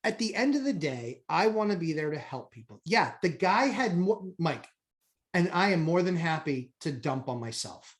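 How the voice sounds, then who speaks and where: A woman telling a story with animated exasperation, an investor chatting on a podcast. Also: lowish voice, moderate pace. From New Hampshire, USA. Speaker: real estate investor, co-host. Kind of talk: casual podcast chat.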